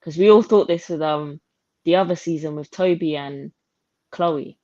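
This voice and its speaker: A woman's voice: sits low, moderate pace, mellow, no room sound. A woman co-hosting a podcast, giving casual reality-TV commentary in an incredulous tone and quoting people in mocking voices. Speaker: podcast co-host. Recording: slightly dull, lo-fi audio.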